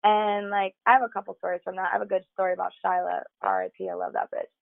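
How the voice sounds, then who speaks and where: Woman guest, gravelly voice, dry tinny phone-quality line, profane, candid casual storyteller. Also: medium pitch, big pitch swings, fast talker, no echo. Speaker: podcast guest. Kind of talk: casual chat.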